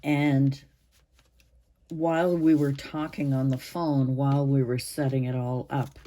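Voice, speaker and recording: A woman in her sixties hosting her own channel, chatting to camera in a rambling way with pauses and restarts, her voice hoarse and interrupted by coughs. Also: rumbling low, flat delivery, mellow. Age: 60s. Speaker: channel host. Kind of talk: casual chat to camera.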